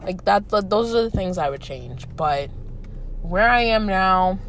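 A woman's voice: mid-range voice, expressive, measured pace, slight background noise. A woman in her twenties hosting a solo podcast, reflecting candidly and emotionally, swearing freely with plenty of fillers. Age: 20s. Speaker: podcast host.

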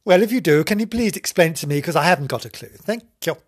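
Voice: mid-range voice, expressive, fast talker, breathy edge. A host giving a rambling, theatrical comic monologue, giggling, mocking themself and drifting off on tangents.

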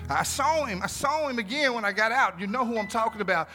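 A man's voice: extremely high pitch, animated, quick pace, hardly any pauses, over music. A middle-aged man preaching a storytelling sermon in a church, emotional and repetitive, dropping into slangy asides. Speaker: pastor. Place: church sanctuary.

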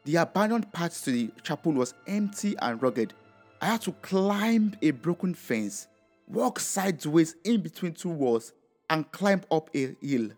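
A man's voice: on the high side, a little mellow. A man narrating a dramatic first-person story in a reflective tone.

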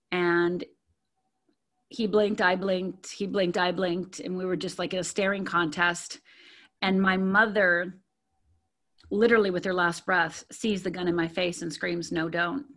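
A woman's voice: lowish voice, a bit bright. A middle-aged woman from the of Michigan, telling her personal story candidly as an interview guest, with many fillers and repeated words. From Upper Peninsula of Michigan.

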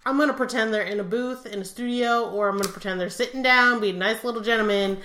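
A woman co-hosting a podcast in casual chat, animated and talkative, with lots of "like". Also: a little high, fast. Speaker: podcast co-host. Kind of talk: casual chat reviewing music videos. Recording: echoey room.

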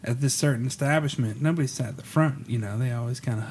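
A man's voice: mid-range voice, fast, darkish tone, a little hiss or hum. A man, a guest host, telling a story in casual chat and laughing often as he goes.

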